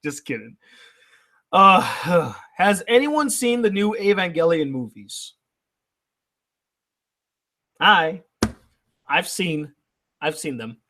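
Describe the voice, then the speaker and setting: A man's voice: sits high, expressive, slow, pauses often, pushed and bright. A man hosting a casual livestream, reading viewer messages aloud and answering them in a loose, profane way. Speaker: anime reviewer reading live chat.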